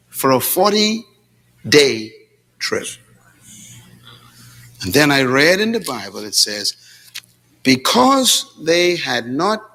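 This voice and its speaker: In a church full of congregational responses, a man preaches as pastor with great drama. He alternates between shouting and quiet asides, weaving in stories with quoted dialogue.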